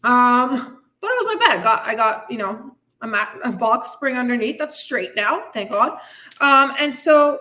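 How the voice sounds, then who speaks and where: A woman with a high voice delivers a candid motivational monologue as a fitness coach, blunt and full of swearing. Her tone is bright and sharp, and she sounds frustrated as she vents. She talks straight to her listeners with tough love. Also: lively intonation, normal speed. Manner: frustrated, venting. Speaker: fitness coach and podcast host.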